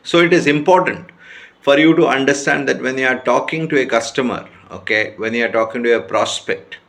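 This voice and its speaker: A man teaching sales skills in an informal talk to camera, often checking in with his listeners and pausing on fillers. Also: mid-range voice, a bit bright. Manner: repeats checking questions and hesitates with many fillers. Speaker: sales trainer.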